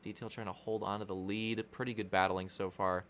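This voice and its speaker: A young man commentates a video game race in a casual, rambling way, full of jokes and crude asides. His voice sits a little low. There is a faint hiss of noise underneath. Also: flat delivery, fairly quick, fairly bright tone.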